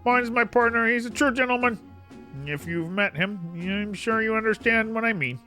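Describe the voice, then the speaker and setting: A man voicing a timid, gentle female duck creature in a game, with a high, soft and hesitant voice. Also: moderate pace, faint music behind. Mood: sweet.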